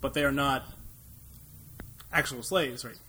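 A man's voice: mid-range voice, measured pace, bright, forceful tone, breathy edge. A young American man co-hosting a podcast, chatting casually about movies with a rambling, jokey manner and frequent laughs. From United States. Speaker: podcast co-host.

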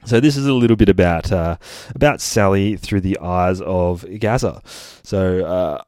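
A man's voice: low voice, normal speed, darkish tone, no room sound, studio quality. An Australian man hosting a casual podcast as a dog trainer, rambling and good-humoured as he talks, breaking off now and then to chat with his dogs.

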